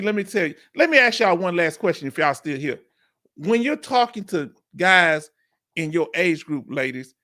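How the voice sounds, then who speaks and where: A man hosting a live stream, chatting casually and asking viewers questions with drawn-out emphasis. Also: sits high, a bit bright.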